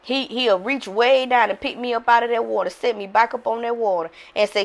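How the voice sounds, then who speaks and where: A woman's voice: on the high side, fairly even intonation, fairly quick, hardly any pauses. A woman mindset coach giving a candid motivational talk, speaking frankly, repeating herself and often calling out to her listeners.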